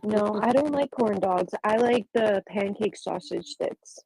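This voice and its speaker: A woman chatting casually on a livestream, firing off quick questions in a chatty way. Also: medium pitch, vocal fry, dark tone, slightly rough, dry recording, poor audio. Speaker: livestream guest.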